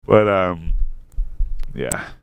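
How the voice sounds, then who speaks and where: A man's voice: low-pitched, expressive, drawn-out words, vocal fry, clear, resonant tone, lo-fi sound. A man telling a story in casual chat, rambling and swearing, acting out what people said. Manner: rambling, profane, acts out quotes.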